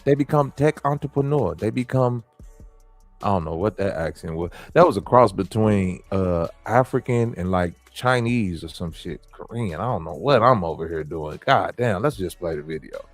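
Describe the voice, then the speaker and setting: A man's voice: low-pitched, expressive, moderate pace, hardly any pauses, no room sound, soft background music. A man from the American Midwest hosting a stream, reacting to clips and talking to his chat in blunt, profane slang. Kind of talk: casual commentary with chat.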